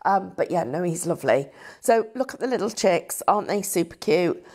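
A middle-aged woman with a gravelly, creaky edge to her voice. She chats warmly and rambles with self-deprecating asides, showing off a craft collection on a live stream. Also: lowish voice, expressive, normal speed. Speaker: craft presenter. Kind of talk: live-stream product demo chat.

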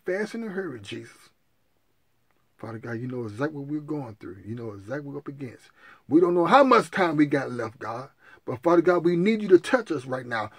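Gravelly husky preacher man, fervent. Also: fairly high pitch, dry recording. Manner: fervent preaching, repetitive cries to Jesus; addresses listeners as sisters and brothers. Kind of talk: sermon and spoken prayer.

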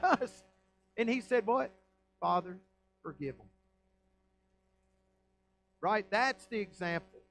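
A man's voice: sits high, a bit bright, low-quality recording. A man with a Southern American accent, a pastor preaching a folksy, emphatic sermon full of rhetorical questions. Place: church sanctuary.

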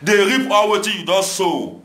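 A man's voice: sits high, moderate pace, fairly bright tone, reverberant. A young Nigerian man speaking Nigerian Pidgin English, exhorting his listeners in a passionate, repetitive monologue. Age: young adult. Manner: preachy, exhorting, repetitive rhetoric. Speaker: commentator addressing viewers. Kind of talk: impassioned monologue.

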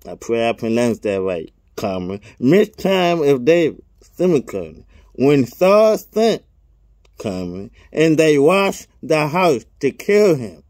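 A man's voice: a little high, a little mellow, no echo, studio quality. A man reading scripture aloud verse by verse, speaking every punctuation mark and adding casual asides. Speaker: scripture reader.

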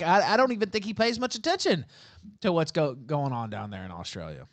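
A man's voice: on the high side, very animated, a little fast, dry recording. A man hosting a livestream, chatting casually and reading super chats with a wry, laughing manner. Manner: wry, laughs while telling stories. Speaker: livestream host.

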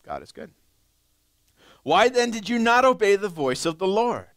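A young male pastor preaching a sermon, reading scripture slowly and acting out pleading churchgoers in a higher voice. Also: very animated, fairly bright tone, dry recording. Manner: reads scripture slowly, then acts out pleading churchgoers in a high voice.

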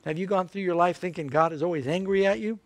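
A man's voice: high-pitched, fast talker, no room sound. An older man preaching a sermon as an evangelist, emphatic and full of rhetorical questions.

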